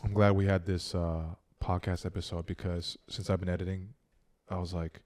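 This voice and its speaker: A man who is a comedian and editor, chatting on a podcast with quick joking reactions. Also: low-pitched, little pitch movement, darkish tone. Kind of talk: casual podcast chat.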